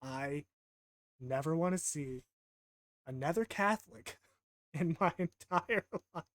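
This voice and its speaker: A man's voice: fairly high pitch, takes it slowly, a bit bright, no room sound, clean studio sound. A man voicing a fed-up male Renaissance painter who rants in an exasperated voice. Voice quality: exasperated, ranting.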